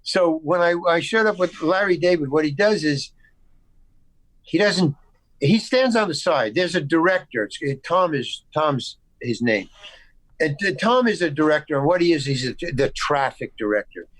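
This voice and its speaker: A man's voice: on the high side, animated, moderate pace, fairly bright tone, no room sound, low-quality recording. A man from the United States, a guest actor on a video call, telling a rambling anecdote with frequent restarts and stammers. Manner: acts out quoted dialogue in the story. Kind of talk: casual anecdote storytelling.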